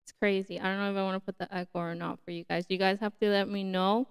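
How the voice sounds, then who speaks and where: A young woman hosting her own podcast on a new mic setup, chatting casually and excitably. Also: medium pitch, fast talker, hardly any pauses, clear, resonant tone, no room sound. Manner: chatty, excitable, says like a lot. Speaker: podcast host. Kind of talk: casual solo podcast chat.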